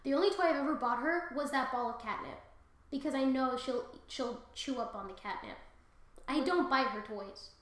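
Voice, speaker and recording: Brief: woman comedy podcast host, profane and animated, sharp bright tone, echoey room. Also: sits high, normal speed. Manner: profane, animated, laughs often. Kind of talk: casual comedic myth retelling.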